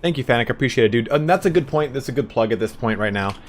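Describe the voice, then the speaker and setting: A man's voice: medium pitch, lively intonation, racing, a little hiss or hum. A young man chatting casually on a game stream, rambling and swearing freely, with lots of filler words. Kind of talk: casual live-stream chat.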